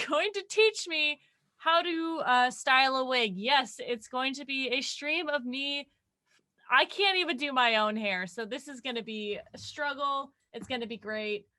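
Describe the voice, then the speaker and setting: A woman signing off as a tabletop game player, chatting in an animated, excitable, self-deprecating way. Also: sits high, dry recording, clean studio sound. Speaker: player, guest. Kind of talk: casual sign-off chat.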